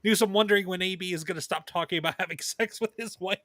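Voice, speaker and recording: A man's voice: sits high, quick pace, a bit bright, no echo, clean studio sound. A man co-hosting a casual live stream, reading viewer comments aloud and laughing often. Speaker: stream co-host reading chat.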